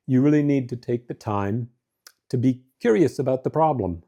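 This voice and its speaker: A middle-aged man hosting a show, giving marriage advice in a relaxed, conversational way with frequent fillers. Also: mid-range voice, slow, pauses often. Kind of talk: casual advice talk.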